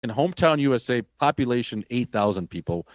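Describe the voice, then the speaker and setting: A man from Wisconsin, a former hockey player, telling a story as a podcast guest in a casual, animated and profane way. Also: mid-range voice, quick pace, dry recording.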